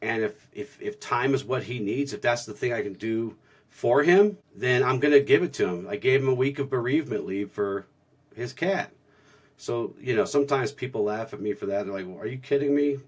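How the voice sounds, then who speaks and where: A male co-host of a spiritual podcast talks at a moderate pace with a medium-pitched voice. Earnest and reflective but casual, he tells stories and repeatedly restarts what he's saying.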